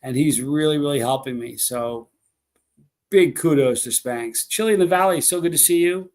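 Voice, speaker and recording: A man's voice: fairly high pitch, moderate pace, a little mellow. A man hosting a live stream, rambling through stories and chatting with viewers. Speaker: livestream host. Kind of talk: casual live stream chat.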